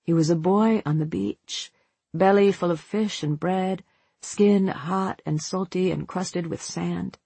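A narrator reading a novel aloud as an audiobook in a measured, unhurried way. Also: medium pitch, steady tone, creaky, warm tone, slightly rough, no room sound.

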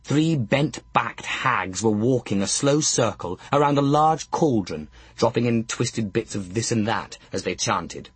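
A man's voice: medium pitch, expressive, measured pace, hardly any pauses, breathy edge, no room sound. A man narrating an audiobook with a wry, dry comic delivery, close to the mic.

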